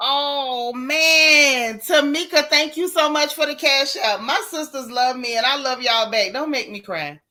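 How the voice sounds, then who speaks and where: Woman livestream host, bright forceful voice, higher pitch, chatty, greets viewers by name. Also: a little slow, few pauses. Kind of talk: casual livestream chat.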